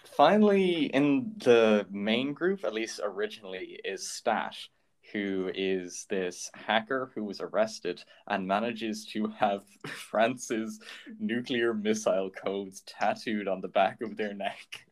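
A man's voice: on the low side, slow. A man hosting a casual podcast chat, talking loosely with frequent ums and laughs. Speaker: podcast host.

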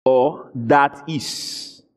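A man preaching a sermon, asking his congregation questions and rising into shouted emphasis. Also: mid-range voice, very slow. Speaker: pastor.

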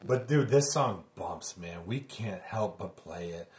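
A man co-hosting a podcast in loose, excited casual chat, swearing freely. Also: deep voice, unhurried, reverberant. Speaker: podcast co-host.

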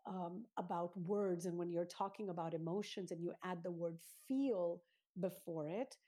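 A woman's voice: on the low side, moderate pace, warm tone. A woman, a parenting author being interviewed, explaining ideas in an earnest, teacherly way, setting them out step by step. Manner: earnest, teacherly, lays out steps.

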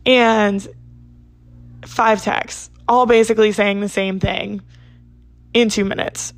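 A woman's voice: mid-range voice, fairly even intonation, slow pace, no echo. A young woman casually telling a dating story, chatty and peppered with "like". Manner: chatty, says "like" a lot. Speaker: vlogger.

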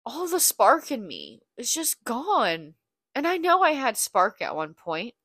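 A woman's voice: a little high, huge pitch swings, measured pace, fairly bright tone, no echo, studio quality. A young woman hosting a podcast, talking in a blunt, candid, profane confessional monologue. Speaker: podcast host.

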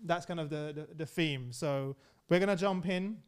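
A young man hosting a casual podcast chat in an office, excitable and quick to laugh, often restarting his sentences. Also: a little high, smooth. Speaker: podcast host. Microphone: podcast microphone in an office.

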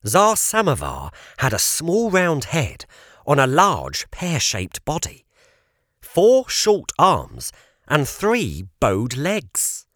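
A male narrator tells a children's story for an audiobook with a slow, careful pace and a lot of pitch movement. The sound is dry and close-miked, free of any room sound, and his storytelling is measured yet expressive.

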